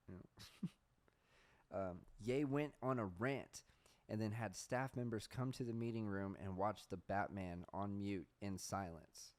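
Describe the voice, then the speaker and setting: A man hosting a podcast, talking in a casual, profane, deadpan sarcastic monologue. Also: lowish voice, unhurried. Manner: deadpan sarcastic, profane, says "bro" a lot. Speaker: podcast host.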